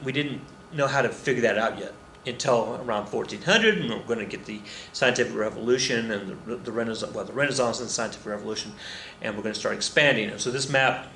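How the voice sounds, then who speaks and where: A man talks his students through a slide lecture, wandering off track and joking at his own expense between fillers. His voice sits at an average pitch, and the room around him rings with echo. A faint hum of ambient noise stays underneath. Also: a bit bright. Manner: rambling, self-deprecating, with many fillers and asides. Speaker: anthropology teacher. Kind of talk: recorded lecture over slides.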